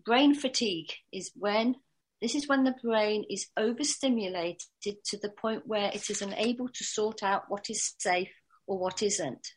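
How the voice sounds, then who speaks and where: A woman calmly explaining dog training, speaking in an instructional way with small restarts. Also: medium pitch, unhurried, husky. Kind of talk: spoken instruction.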